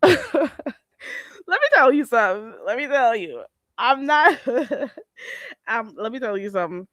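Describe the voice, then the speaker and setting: A woman hosting a casual livestream, animated, laughing often and greeting chatters on a close mic. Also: on the high side, a little slow, dry recording. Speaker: livestream host.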